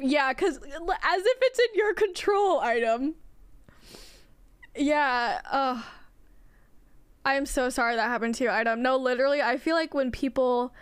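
A woman's voice: high voice, clean tone, dry recording. A young woman streaming a game, chatting casually with viewers in a rambling way and swearing now and then. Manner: rambling, chatty, swears often, talks to chat. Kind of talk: casual gameplay chat with viewers.

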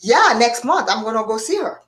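Woman, show host, casual live chat, animated, frequent restarts. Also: a little high, normal speed, crowd noise. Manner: animated, laughing, many restarts.

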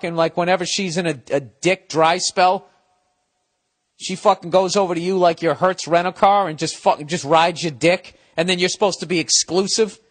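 A middle-aged man ranting on his own podcast, his voice sitting a little higher than most men's. He swears constantly and lurches from loud outbursts into low, grumbling mutters. The delivery is loose and conversational. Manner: profane, ranting, swings between shouting and muttering. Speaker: podcast host. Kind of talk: casual comedic podcast rant.

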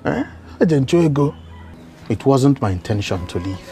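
A man's voice: medium pitch, very animated, mellow, soft background music. A remorseful Nigerian father. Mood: pleading. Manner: pleading, apologetic, halting. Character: remorseful middle-aged father, pleading for forgiveness. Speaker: estranged father. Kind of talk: Nollywood film acting.

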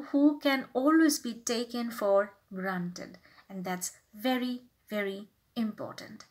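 A woman's voice: fairly high pitch, fairly bright tone. A woman vlogger giving casual advice to camera, earnestly explaining and acting out polite and rude phrases. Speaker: lifestyle vlogger.

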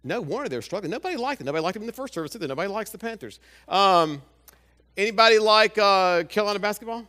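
Speaking quickly in a high voice, a male pastor delivers a lively sermon from the church sanctuary. He talks straight to his congregation, peppering it with rhetorical questions.

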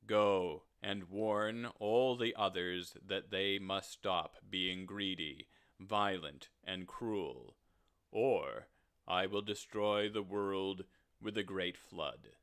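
A man voicing God as a grave, commanding presence, speaking low and measured. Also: a bit bright, clear, resonant tone, exaggerated voice. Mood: solemn. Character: solemn, commanding male voice of God.

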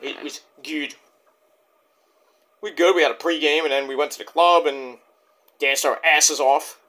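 A man rambling excitably through a casual wrestling review, swearing often. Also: on the high side, a little slow.

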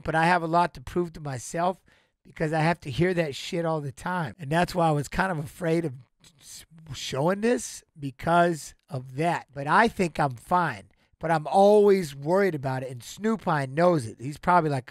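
A man chatting to his live-stream audience in a slightly high voice. He talks deliberately with frequent pauses, and his voice sounds close and dry. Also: no room sound. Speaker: live streamer reacting to a video. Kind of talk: casual live-stream talk to chat.

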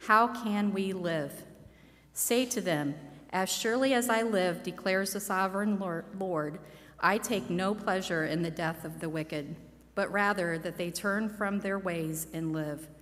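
A woman with a Midwestern American accent reading scripture aloud in a measured, deliberate way. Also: fairly low pitch, fairly bright tone. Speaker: scripture reader. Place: church sanctuary. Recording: church hall reverb.

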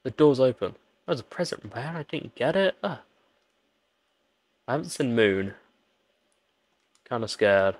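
A man's voice: medium pitch, lively intonation, measured pace, pauses often, dry recording. A man doing jokey let's-play commentary, pleading with and teasing the characters on screen. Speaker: gaming channel host.

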